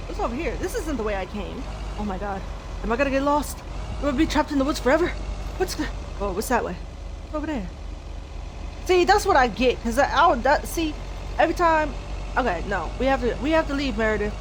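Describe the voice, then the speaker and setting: A young woman with a fairly high, expressive voice streams a video game, talking a little fast with long pauses. She chats nervously and talks to her character as she plays, giving let's-play commentary. Game sound and vehicle engine noise from the game run behind her.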